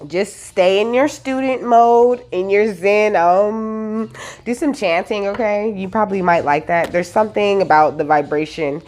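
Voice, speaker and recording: A woman's voice: medium pitch, unhurried. A woman giving a casual spiritual reading, giggling often, swearing casually and asking "okay?" after most points. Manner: giggly, animated, peppered with "okay?"; reads lyrics aloud and swears casually. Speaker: tarot reader.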